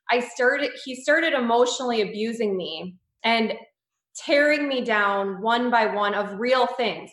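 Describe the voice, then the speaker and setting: Candid thirtysomething woman, echoey room. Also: fairly high pitch. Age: 30s. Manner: candid, rambling, animated with many restarts. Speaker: guest, boudoir photographer. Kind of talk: personal storytelling in an interview.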